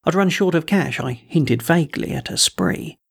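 A man narrating a first-person adventure story as an audiobook, in a measured storytelling manner. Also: fairly high pitch, expressive, vocal fry, breathy edge.

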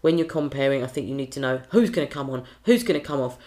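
A woman with a low, deep-set voice tells stories in relaxed interview chat. She is chatty and animated, slipping into quoted voices as she goes. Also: fast. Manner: chatty, animated storytelling with lively put-on quotes. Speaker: singer and compère.

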